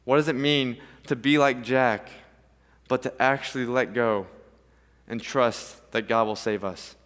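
A man preaching from the front of a church, his voice sitting at an ordinary middle pitch. He tells stories and slips into different voices to make his point. A long reverb from the big hall trails behind every phrase. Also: fairly even intonation, a little slow, fairly bright tone. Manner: storytelling, acts out voices in an anecdote. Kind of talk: sermon. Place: church sanctuary.

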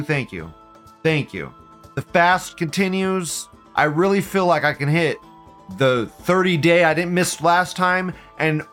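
A man's voice: fairly high pitch, a bit bright. Profane, laughing male livestream host. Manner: profane, rambling, frequent laughter; repeats phrases in bursts. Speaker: host of a live commentary show. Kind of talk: casual livestream commentary.

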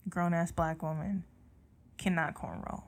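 A woman from California co-hosting a podcast in casual chat, with a Southern country twang that slips into her speech; lively, profane and quick to laugh. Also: fairly low pitch. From San Jose, California. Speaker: podcast co-host.

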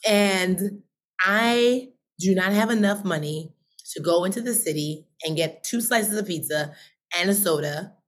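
A woman telling a personal story as an interview guest, animated, laughing often and acting out her past thoughts in quick voices. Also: medium pitch, a little hiss or hum.

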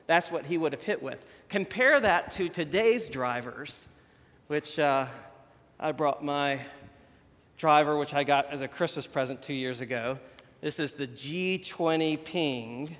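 Chatty preacher in a big echoing hall. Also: male voice, on the high side, a little slow, a bit bright. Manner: chatty, self-deprecating, shows props while talking. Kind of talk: conversational sermon.

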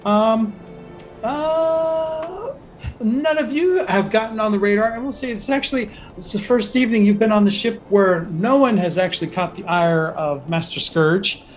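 A man's voice: sits high, moderate pace, faint music behind. A man running a tabletop game as game master, narrating in a rambling way with many fillers.

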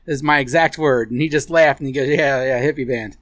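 A man's voice: mid-range voice, steady tone, brisk, fairly bright tone, dry recording, studio quality. A man co-hosting a podcast, telling a rambling, profane story in casual chat and laughing often. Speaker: podcast co-host.

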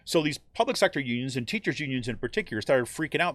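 A man's voice: mid-range voice, quick pace, no room sound. A man, a teacher and union member, explaining things in a conversational way and often checking in with "right?". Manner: conversational, frequent "right?" check-ins, animated quoting. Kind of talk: explanatory talk.

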